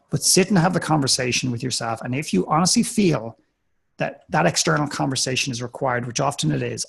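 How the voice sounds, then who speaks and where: On a live coaching call, a life coach with a medium-pitched, creaky, slightly rough voice talks earnestly and directly, frequently restarting his words.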